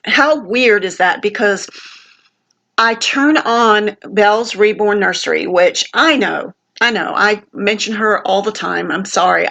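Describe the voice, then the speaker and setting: An older woman with a sinus infection vlogs from a family home, rambling heartfelt thoughts full of fillers. Her mid-range voice is gravelly with a fairly bright tone.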